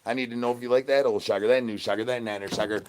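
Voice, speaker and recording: A man's voice: mid-range voice, fairly even intonation, racing, a little mellow, slight background noise. A man, streaming in a goofy, rambling patter full of nonsense words and catchphrases. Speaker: streamer in zombie persona.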